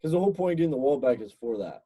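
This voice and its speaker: A young man hosting a podcast, chatting in a relaxed way and prompting his guest. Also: mid-range voice, racing, breathy edge. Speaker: podcast host. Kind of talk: casual chat.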